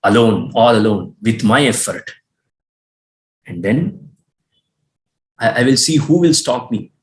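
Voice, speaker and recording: A man's voice: mid-range voice, lively intonation, slow, reverberant. A man voicing a proud, defiant young warrior prince who fires off indignant questions. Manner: indignant, challenging rhetorical questions.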